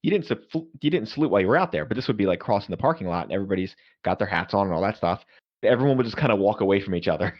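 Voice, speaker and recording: A man's voice: on the low side, animated, rapid-fire. A man telling profane, wry service stories in a casual podcast chat. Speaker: podcast co-host, veteran. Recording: lo-fi podcast audio.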